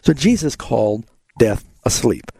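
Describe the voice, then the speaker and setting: A man answering callers' Bible questions on a radio call-in show. His voice is low and mellow with a gravelly edge, and it sounds dry and close. He explains plainly and quotes verses as he goes. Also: sing-song, a little slow, dry recording.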